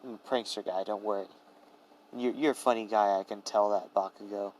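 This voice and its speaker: A man doing a playful ancient trickster god who needles everyone around him, breezy and a little pouty. The voice sits low, with faint noise behind it. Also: fairly even intonation, fairly quick, darkish tone, lightly acted, low-quality recording. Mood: teasing.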